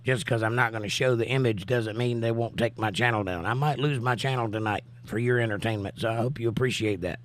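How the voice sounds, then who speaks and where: A man hosts a casual livestream, reading viewers' comments aloud in an easy, chatty way. His voice sits at an ordinary middle pitch. He is still getting his voice back after days of coughing. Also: brisk, few pauses, slight background noise. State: recovering voice, coughing. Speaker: livestream host. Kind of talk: casual live-chat commentary.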